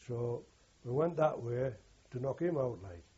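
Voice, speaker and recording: In a lengthy, earthy and rambling oral history, an aging veteran keeps correcting himself. His voice is dark, very husky and medium-pitched, animated yet a little slow, and the recording comes across dull and lo-fi.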